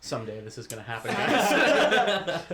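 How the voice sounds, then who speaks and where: A young man co-hosting a comedy podcast, trading quick jokes and laughing often. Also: fairly high pitch, wildly swooping pitch, a crowd in the background. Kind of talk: casual comedic banter.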